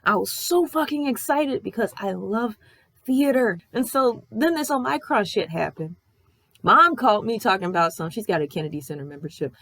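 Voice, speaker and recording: A woman's voice: mid-range voice, lively intonation, moderate pace, fairly bright tone, no echo. A young woman vlogger giving a candid, rambling life update, swearing freely and acting out other people's lines. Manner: acts out other people's lines in quoted voices. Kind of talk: casual life-update chat.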